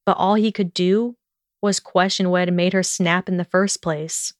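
Smooth-voiced woman narrating a story. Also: lowish voice, fairly even intonation, normal speed, no echo, clean studio sound. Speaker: audiobook narrator. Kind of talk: scripted narration of fan fiction.

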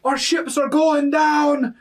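A man voicing panicked male orc sailors who yell in alarm as their ship sinks. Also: very high voice, level tone, takes it slowly, pitched above the performer's own voice. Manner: yelling in alarm.

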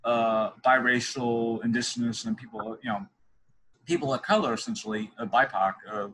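Bright-voiced young man chatting. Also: mid-range voice, moderate pace, slightly rough, low-quality recording. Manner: chatty, digressive storytelling. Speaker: interviewer. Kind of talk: casual conversation.

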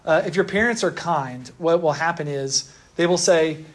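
A man's voice: a little high, moderate pace. A young man giving a sermon to a room, talking casually and asking the listeners rhetorical questions. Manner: conversational, asks the audience rhetorical questions. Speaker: pastor. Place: room with an audience.

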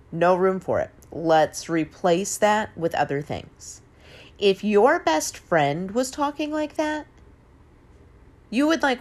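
A woman in her forties giving an emphatic, casual motivational talk, swearing now and then and laughing easily. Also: on the low side. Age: 40s. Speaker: host. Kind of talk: motivational monologue.

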